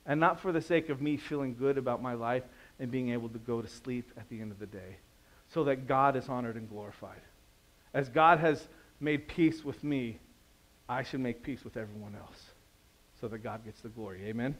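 A pastor preaching a sermon in a conversational, storytelling way, asking the audience questions and swinging between quiet and loud. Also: male voice, mid-range voice.

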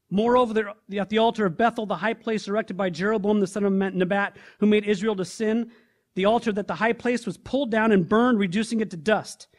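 A pastor with a high voice preaches a sermon, first reading scripture aloud, then pressing his listeners with rhetorical questions. His volume climbs loud and falls soft.

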